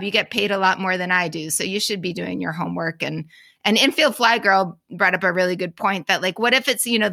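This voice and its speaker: A woman's voice: mid-range voice, creaky, sharp tone, dry recording, clean studio sound. A woman co-hosting a casual sports podcast, blunt and swearing freely, laughing often. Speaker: podcast co-host. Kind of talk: casual chat.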